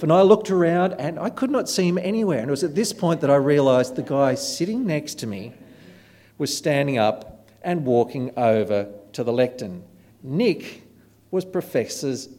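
A man giving a sermon, telling stories in an animated, self-deprecating way. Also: medium pitch. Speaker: preacher. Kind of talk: storytelling sermon.

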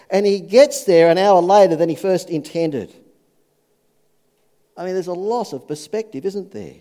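A man preaching a sermon, telling anecdotes with lively punchlines and dropping low and soft for scripture. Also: moderate pace, long pauses.

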